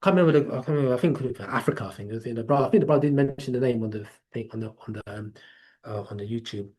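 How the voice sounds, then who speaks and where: An English man hosts a live question-and-answer session at a medium pitch. He talks casually and rambles, circling back and restarting as he explains. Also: very fast, warm tone. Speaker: host of a live Q&A.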